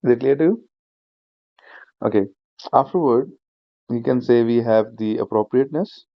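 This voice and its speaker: In a shared-screen video class on speaking skills, a man of medium pitch goes through each point slowly, repeating himself and filling gaps with "you know." The recording is dry and muffled.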